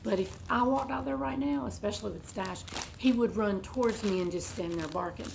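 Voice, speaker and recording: A woman with a hoarse, froggy, congested voice, chatting and rambling while she unboxes a bag at home. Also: medium pitch, brisk, background noise. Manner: rambling, chatty, goes off on tangents. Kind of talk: casual unboxing chat. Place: at home indoors.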